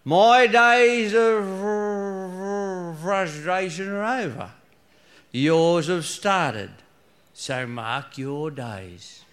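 A man's voice: sits high, drawn-out words, a bit bright, full character voice. A man voicing a drunken old husband who stammers and slurs as he gloats. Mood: defiant.

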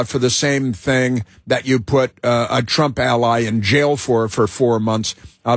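A male radio host with a husky voice holds forth in an emphatic, meandering political monologue. He trips over fillers and restarts his sentences. The sound is close and dry, with no room in it. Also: medium pitch, dry recording. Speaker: radio talk show host.

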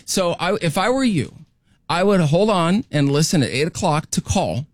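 A man's voice: on the high side, animated, normal speed, no room sound, studio quality. A man hosting a morning radio show in casual chat, joking and explaining contest rules. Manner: jokey, chatty, explaining rules.

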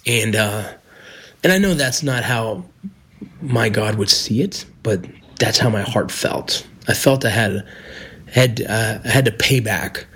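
A man's voice: lowish voice, measured pace, fairly bright tone, breathy edge. A middle-aged man, a former border agent and medic, telling a personal story in an earnest, heartfelt way.

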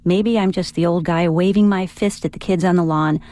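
A woman's voice: lowish voice, fairly even intonation, fairly quick, mellow, no echo. A woman from Virginia, a radio news anchor, reading listener questions on the air.

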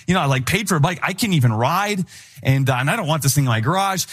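A young adult man, a pastor, preaching a sermon in a lively, conversational storytelling way. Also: medium pitch.

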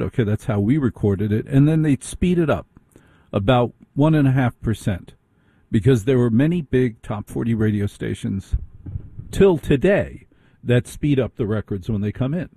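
Wry, chatty radio host with a husky, mellow voice. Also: male voice, mid-range voice, dry recording. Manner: chatty, self-deprecating, wry asides. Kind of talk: casual radio talk reading listener emails.

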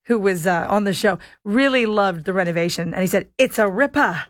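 A woman's voice: mid-range voice, fairly quick, no echo, studio quality. A woman hosting a radio talk show, chatting in a playful, casual way. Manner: chatty, playful, laughing asides. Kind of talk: casual chat. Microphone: studio microphone.

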